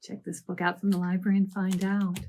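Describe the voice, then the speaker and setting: A woman librarian doing a storytime read-aloud for children, animated with gasps and playful asides. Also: medium pitch, a little fast, slight background noise.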